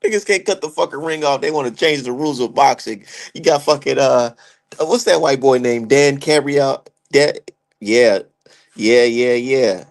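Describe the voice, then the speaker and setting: A man's voice: medium pitch, normal speed, creaky. A young man giving heated, profane, slangy commentary as a streamer. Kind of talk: ranting casual commentary.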